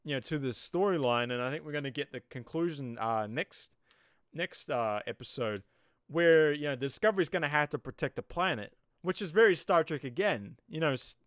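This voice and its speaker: A man's voice: a little high, expressive, brisk, smooth, no room sound, studio quality. A young man with a New Zealand accent rambles casually through an episode review, full of fillers. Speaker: show reviewer.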